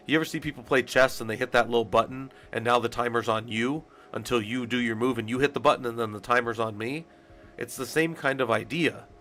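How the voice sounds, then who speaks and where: A man's voice: medium pitch, a bit bright. A man streaming casually, congested from being sick, rambling and swearing as he talks to his chat. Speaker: streamer talking through job requirements.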